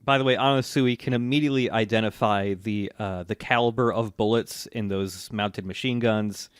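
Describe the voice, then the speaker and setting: A man co-hosting a podcast, recapping episodes in casual chat with wry, animated storytelling. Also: fairly low pitch, moderate pace, smooth, no room sound, clean studio sound. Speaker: podcast co-host.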